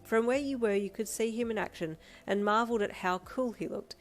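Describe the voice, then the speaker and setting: A woman narrating second-person fanfiction in a steady, gentle storytelling manner. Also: medium pitch, fairly quick. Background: soft backing music.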